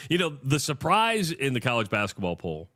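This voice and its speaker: On a sports radio show, a male co-host tells stories with real animation, acting out what other people said through big jumps in pitch. It's casual sports talk at a normal speed, and the studio recording is dry and clean.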